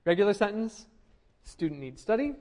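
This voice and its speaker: The speaker is a young male linguistics instructor whose high-pitched voice is sing-song and a little mellow, at normal speed. His classroom lecture is patient, with frequent ums and regular check-ins with students.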